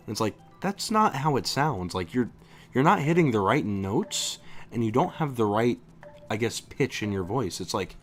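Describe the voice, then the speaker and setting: A young man streaming a video game, chatting casually in an animated, opinionated way, with lots of fillers and restarts. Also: mid-range voice, normal speed, soft background music. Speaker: streamer and voice impressionist. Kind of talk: casual chat while gaming.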